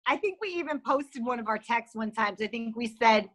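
A woman's voice: fairly high pitch, animated, fairly quick, fairly bright tone. A woman from Cleveland, a guest comedian, chatting from home over a video call and telling stories in a chatty, giggly way. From Cleveland, USA. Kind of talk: casual chat.

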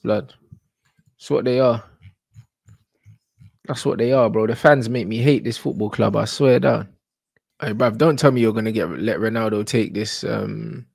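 A young man, giving live reaction commentary on football, slangy and shouting in disbelief. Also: medium pitch, gravelly, husky, no echo. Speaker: football watch-along streamer.

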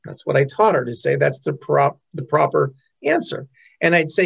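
A man's voice: fairly high pitch, expressive, moderate pace, creaky, breathy edge. A man in his fifties giving an earnest, storytelling sermon as pastor. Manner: earnest, storytelling, quotes others in changed voices.

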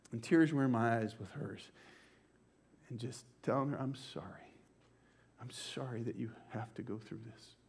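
An older man preaches a sermon to his congregation in church. His voice sits slightly high, and he slows down for emphasis and sometimes sinks to a near-whisper. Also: a little mellow. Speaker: pastor.

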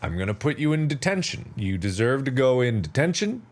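A man's voice: mid-range voice, very animated, a little fast, background noise. A man giving live gameplay commentary as a streamer, playful and sarcastic, teasing with mock outrage and laughing often.

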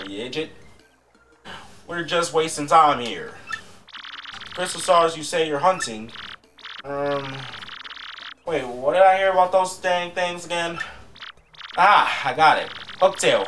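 Brief: man voicing a grumpy old turtle mayor, blustering and loud, pitched high and animated, game music behind. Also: measured pace, long pauses. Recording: slightly distant mic with game music.

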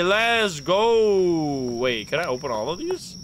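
High-voiced man streaming a game. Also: big pitch swings, slow pace, fairly bright tone, slight background noise. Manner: thinks aloud, reacting to the game as he plays. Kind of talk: live gameplay commentary.

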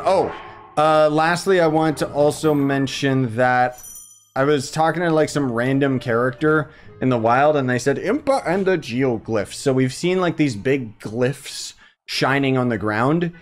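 Young male gamer, chatty, rambling, slightly high voice, faint game music. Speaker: gaming streamer. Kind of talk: let's-play commentary.

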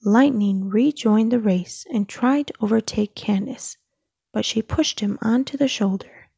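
Woman storybook reader, soft half-whispered narration, husky and mellow. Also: a little high, unhurried, dry recording, studio quality. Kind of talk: children's story read-aloud.

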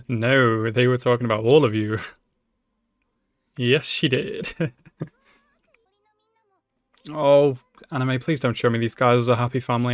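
Male anime reactor, unhurried delivery, dead-dry close mic, swears, talks to the screen. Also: medium pitch, dry recording. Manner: emotional, swears freely, talks back to the screen. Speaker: anime reaction channel host. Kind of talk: live reaction commentary.

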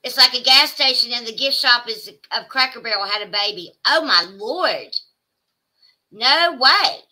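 A livestream host with a Southern American accent reads her chat aloud, chatting casually, exclaiming, and drawling asides to viewers. She speaks a little slowly, her fairly high voice carrying a sharp tone.

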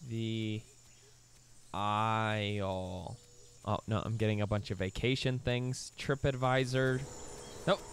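A young man giving casual let's play commentary, excitable, breaking into squeaky high exclamations. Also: clean tone.

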